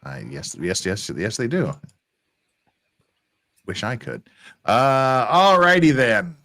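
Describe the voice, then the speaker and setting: Lively, joking male stream host. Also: takes it slowly. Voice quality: relaxed, low voice today. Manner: joking, banters with guests, jumps between high and low. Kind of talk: casual live-stream chat.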